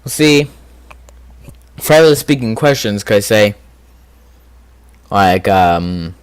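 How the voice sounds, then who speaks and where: A man's voice: fairly low pitch, animated, takes it slowly, pauses often, clean tone, dry recording. Man rambling through a quiz game. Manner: rambling, thinking aloud with fillers. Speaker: gaming video host. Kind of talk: casual commentary on a quiz game.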